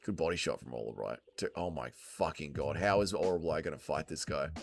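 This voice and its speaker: A man's voice: extremely low pitch, a little fast, gravelly, no room sound. A man hosting a fight watch-along stream, swearing a lot and bantering with his chat. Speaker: livestream host.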